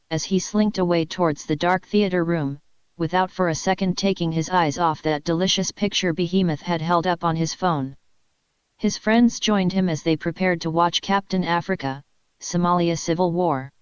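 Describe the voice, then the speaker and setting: A woman narrating a crude comedy story in a deadpan manner, in a dull lo-fi recording. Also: fairly low pitch, smooth, no room sound.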